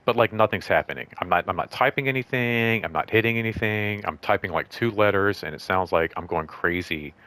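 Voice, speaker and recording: A man's voice: fairly low pitch, a little fast, few pauses, pushed and bright. A man hosting his own show, telling a long story from work in a rambling casual way, full of "like" and restarts, and acting out both sides of the conversations. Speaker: show host.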